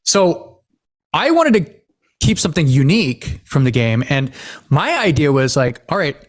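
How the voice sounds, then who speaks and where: Animated storyteller man with a lively pitch. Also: normal speed. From Washington State, US. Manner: animated storyteller, acts out quoted dialogue, many fillers. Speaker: podcast host. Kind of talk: casual podcast chat.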